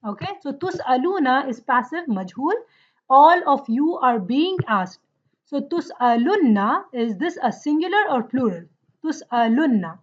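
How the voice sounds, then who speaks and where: A woman's voice: high-pitched, very animated, measured pace, dull audio. A woman teaching Arabic grammar in an online class, explaining patiently and often checking that her students follow.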